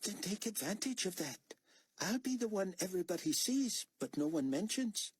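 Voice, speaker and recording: A man's voice: high voice, sing-song, normal speed, husky, dry recording, voice pushed up, heavily acted. A man voicing a wry, teasing, commanding older male officer with a dry manner.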